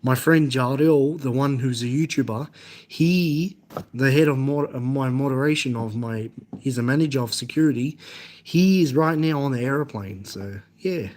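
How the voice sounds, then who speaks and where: A young Australian man with an Australian accent, chatting casually on a live stream and answering viewers' comments in a halting, repetitive way. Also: mid-range voice, darkish tone, slight background noise.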